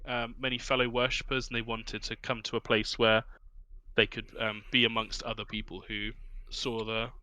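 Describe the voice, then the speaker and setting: A man narrating a tabletop game as game master, pausing often with fillers. His voice is very bright and tense, with a smooth, crisp clarity. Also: mid-range voice, level tone, no room sound, low-quality recording.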